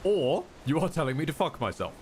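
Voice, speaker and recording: A man's voice: on the high side, big pitch swings, fairly quick, a little mellow, a little hiss or hum. A man streaming a game live, talking to himself with sarcastic, jokey commentary. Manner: sarcastic, jokey self-talk.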